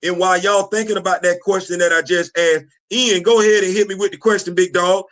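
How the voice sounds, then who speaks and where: A middle-aged man hosting a casual livestream chat, animated and laughing often as he answers his audience. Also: sits high, fairly quick. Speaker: host.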